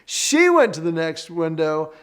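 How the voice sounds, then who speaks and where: Earnest man teaching, higher-pitched voice. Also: very animated, measured pace, clear, resonant tone. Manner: earnest, conversational storytelling with audience prompts. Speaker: marriage seminar presenter. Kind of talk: faith-based teaching talk.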